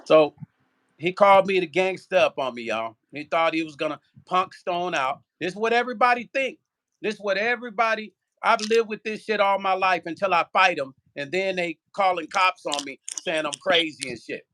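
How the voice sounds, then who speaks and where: A man on his own channel, ranting with a high-pitched voice. His tone is bright and edgy, full of curses and repeated questions. He talks straight to the viewers about someone who wronged him. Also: normal speed. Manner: profane, repetitive, rhetorical. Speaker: vlogger; musician. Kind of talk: heated casual rant.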